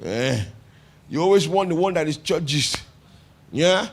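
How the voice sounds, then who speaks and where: Nigerian preacher, conversational and questioning. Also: male voice, fairly high pitch, expressive, unhurried. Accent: Nigerian English. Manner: repeats phrases for emphasis. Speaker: pastor. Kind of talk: sermon.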